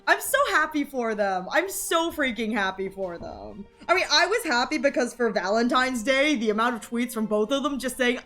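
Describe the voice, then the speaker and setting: A woman's voice: on the high side, expressive, normal speed, hardly any pauses, pushed and bright, faint music behind. Giggly, rambling woman streamer. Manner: rambling, giggly, swears casually. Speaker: art streamer. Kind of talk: casual live-stream chat while drawing.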